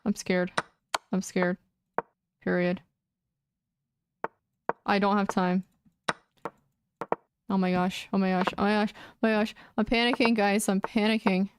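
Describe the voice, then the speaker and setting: A woman's voice: mid-range voice, little pitch movement, measured pace, pauses often, a little hiss or hum. A young woman streaming chess, muttering anxious, casual commentary to herself and repeating words as she plays. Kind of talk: casual live-stream commentary while playing.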